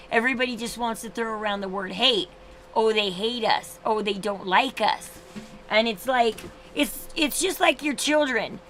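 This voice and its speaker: A woman's voice: a little high, pushed and bright, a little hiss or hum, poor audio. A woman in her thirties hosting a casual livestream, chatting in a rambling way with frequent restarts. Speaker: livestream host.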